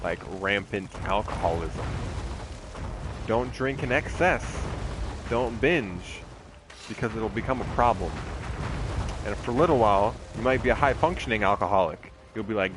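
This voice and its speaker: A man's voice: fairly low pitch, expressive, normal speed, noisy background. Profane, rambling young man streaming a game. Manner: rambling, profane, laid-back, tangent-prone. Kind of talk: casual live-stream commentary. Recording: game music playing behind the voice.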